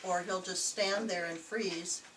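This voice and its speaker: A woman telling a chatty, animated story indoors in an old jail, laughing easily. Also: fairly low pitch, unhurried. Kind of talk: casual storytelling to investigators. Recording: echoey, distant, noisy camcorder audio.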